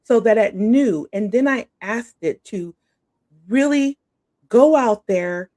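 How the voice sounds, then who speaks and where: A woman's voice: on the high side, animated, takes it slowly, mellow, no echo, studio quality. A middle-aged woman, a guest coach, chatting casually in a bubbly way and often saying "like" and "awesome.". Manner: bubbly, says "like" and "awesome" a lot. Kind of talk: casual interview chat.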